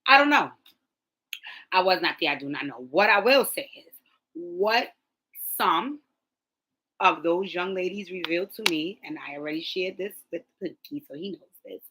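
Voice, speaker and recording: A woman's voice: on the low side, animated, normal speed, long pauses, sharp tone, breathy edge, rough recording. A woman hosting her own vlog, giving blunt opinions in casual chat and repeating lines for emphasis. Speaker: host.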